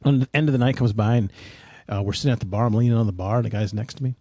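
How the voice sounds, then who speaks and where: A man's voice: medium pitch, rapid-fire, darkish tone, dry recording. A middle-aged man hosting a podcast, telling a rambling, self-mocking story in casual chat. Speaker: podcast host.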